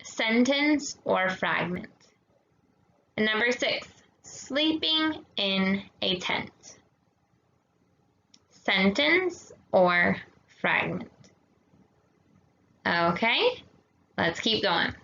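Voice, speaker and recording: A young woman teaching a grammar lesson to kids, talking slowly and patiently, checking in with "okay?" and mixing in Spanish words. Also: medium pitch, sing-song, gravelly, sharp tone. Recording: echoey dull room sound.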